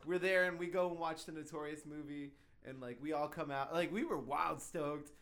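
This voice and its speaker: A man's voice: a little high, steady tone, moderate pace, a bit bright. A young man co-hosting a podcast, telling a rambling story in casual chat and laughing often. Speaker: podcast co-host.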